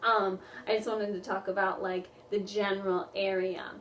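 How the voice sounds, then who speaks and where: A woman's voice: medium pitch, little pitch movement, moderate pace, a bit bright, far from the mic, a little hiss or hum. Woman, casual vlog chat, rambling, laughs a lot, a bit off-mic. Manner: chatty, rambling, full of "like" and frequent laughs. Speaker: music therapist vlogger. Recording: roomy echo, voice somewhat off-mic.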